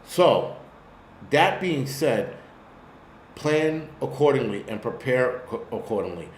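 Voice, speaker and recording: A host with a New York accent rambles bluntly through a live-stream commentary, swearing freely in a profane rant. His mid-range voice is slow and sing-song, and the recording sounds reverberant with a little hiss or hum.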